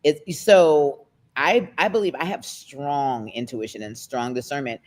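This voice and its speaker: A woman, a guest talking candidly in an interview, emotional and close to tears, her pace speeding up and slowing down. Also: very deep voice. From United States. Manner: emotional, expressive, quick shifts in pace. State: near tears.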